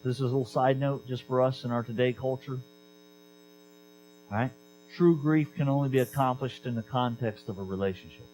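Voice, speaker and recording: A man preaching a sermon as pastor, conversational and animated, repeating key lines for emphasis. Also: medium pitch, fairly quick, slight background noise, low-quality recording.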